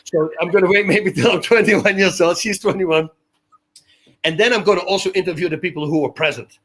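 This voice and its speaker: A man telling stories as a radio interview guest, his voice pitched high with a sharp, forceful edge. He rushes through run-on anecdotes and laughs often. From Netherlands. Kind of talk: animated storytelling in a casual interview.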